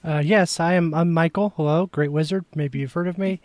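A man's voice: a little high, steady tone, a little fast, a little mellow, no room sound. A man playing his character in a tabletop game, hesitant and full of fillers. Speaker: player.

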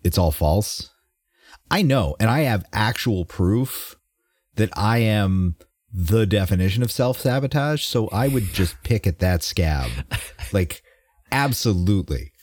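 A man's voice: fairly low pitch, lively intonation, a little slow, darkish tone, dry recording. A man co-hosting a casual podcast, rambling and self-mocking. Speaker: podcast co-host. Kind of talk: casual chat.

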